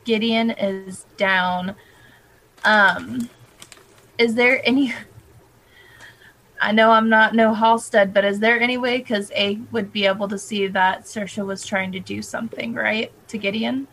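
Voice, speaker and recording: A woman's voice: mid-range voice, steady tone, measured pace, a bit bright, rough recording. A woman playing a tabletop game who thinks aloud with hesitant, roundabout phrasing. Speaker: player.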